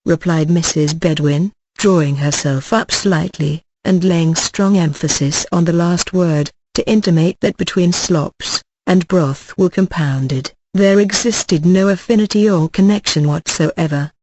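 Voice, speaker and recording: A steady, measured audiobook narrator reading a classic novel. The voice sits at a middling pitch. It is recorded dry and close, with no room echo.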